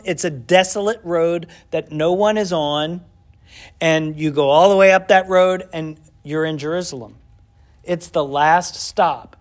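A man teaching a casual Bible lesson who asks the class questions, answers them himself and acts out bits of the story. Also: a little high. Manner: animated storytelling with acted-out asides.

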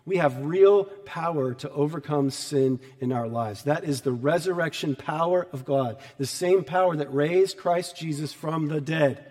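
A man's voice: on the high side, a little slow, hardly any pauses, darkish tone, long reverb tail. A man, a pastor, preaching a sermon in a conversational, storytelling way, with emphatic repetition.

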